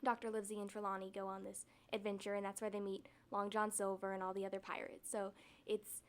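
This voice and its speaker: A woman's voice: medium pitch, fast talker. A young actress talking casually in an interview, her voice a little strained from rehearsals. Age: young adult. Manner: easygoing, relaxed explaining with fillers. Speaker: stage actress.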